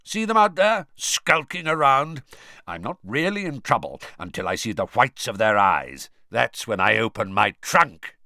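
A man reading an audiobook, voicing a gruff, suspicious, grizzled older male wizard with a growl. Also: medium pitch, big pitch swings, unhurried, bright, forceful tone, no room sound, studio quality, full character voice.

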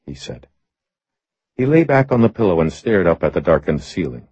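Male audiobook narrator, measured steady reading, husky voice, dry close sound. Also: sits low, dry recording. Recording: slightly muffled recording.

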